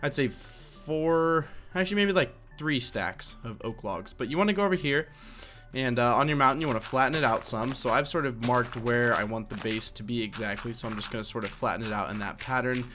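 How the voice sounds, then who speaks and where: Young guy walking you through a minecraft-style build, rambly and chatty, soft music underneath. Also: mid-range voice, a little fast. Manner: rambling, chatty, with frequent fillers and self-corrections. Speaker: Minecraft tutorial creator. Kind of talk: casual game tutorial voice-over.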